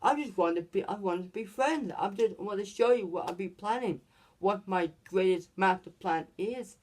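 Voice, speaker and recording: A man's voice: high-pitched, normal speed, a little hiss or hum, pitched above the performer's own voice, close to an everyday voice. A man voicing a scheming male mastermind who pretends to be friendly, in a falsely sweet, wheedling tone. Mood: fake innocent.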